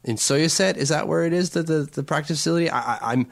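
Gravelly and a little high, this man's voice moves fast as he co-hosts a laid-back sports podcast. Not from Long Island, he rambles, self-corrects, and stammers whenever he restarts a sentence, which is often.

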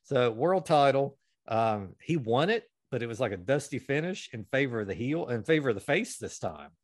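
A man hosting a podcast, telling a long, profane story with lively energy. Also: medium pitch, moderate pace, no echo, studio quality. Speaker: podcast host. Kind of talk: casual storytelling chat.

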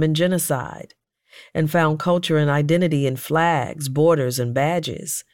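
Man, memoir audiobook narration, measured and earnest, slightly high voice, dry close studio sound. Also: darkish tone, dry recording. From United States.

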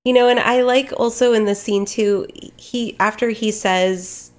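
A woman co-hosting a podcast, talking in a lively, animated way about a TV episode and reading from her notes. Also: mid-range voice, a little slow. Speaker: podcast co-host. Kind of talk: casual chat recapping a TV episode.

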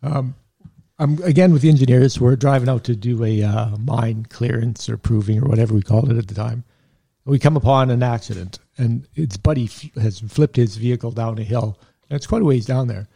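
A middle-aged man with a low, gravelly and husky voice, dark in tone. He tells long work stories in a loose, laid-back way, drifting into asides and chuckling as he goes. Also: a little fast. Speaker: guest, veteran paramedic and army medic. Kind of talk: casual storytelling.

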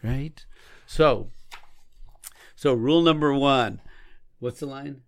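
A man with a gravelly, creaky voice teaches how to connect through emotions. He talks earnestly, explaining step by step and acting out sample lines. The sound is dry and close. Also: mid-range voice, slow pace, no echo. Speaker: relationship coach. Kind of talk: teaching conversation.

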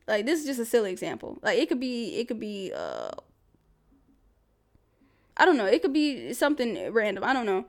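Her fairly high voice swings hugely in pitch as she moves at a moderate pace, pausing often. She's a woman hosting a casual solo podcast, offering life advice candidly with plenty of fillers, asides, and laughs.

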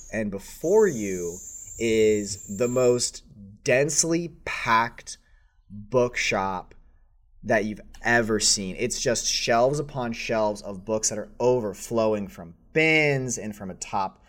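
A man's voice: on the low side, animated, slow pace. A man running a tabletop game as game master, describing scenes in a casual, rambling way with many fillers.

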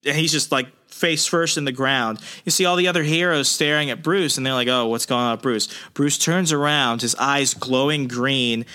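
Bright-voiced man recapping a comic. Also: medium pitch. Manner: animated storyteller who acts out quotes. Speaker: podcast host.

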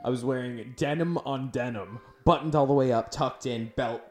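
A man's voice: medium pitch, moderate pace, darkish tone, soft background music. A young Canadian man hosting a podcast, telling rambling stories in casual chat and laughing often. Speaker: podcast host.

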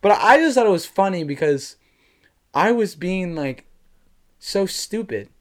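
A young man chatting casually as a podcast co-host, an animated storyteller who fills his talk with slang and "like". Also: sits high, measured pace. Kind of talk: casual chat.

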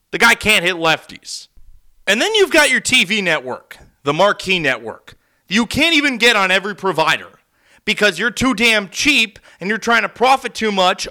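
A man's voice: high voice, pushed and bright. A man hosting a solo sports podcast from a studio, ranting heatedly and sarcastically. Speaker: podcast host. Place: recording studio.

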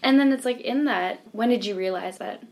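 A woman's voice: a little high, a little fast, crowd noise. A woman hosting a faith interview, asking searching questions thoughtfully with "like" fillers. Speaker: podcast host. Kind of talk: conversational interview.

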